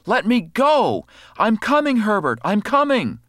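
Shrill frantic old mother, as a man puts her on. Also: huge pitch swings, a little slow, a bit bright, no echo, clean studio sound, full character voice. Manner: screaming, pleading.

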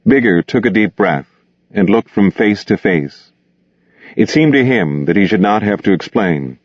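A man reads an audiobook in a very deep, low voice with a lively, expressive rise and fall. It is a dry, dull, lo-fi recording with no room sound. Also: measured pace, no room sound. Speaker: audiobook narrator. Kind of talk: scripted narration.

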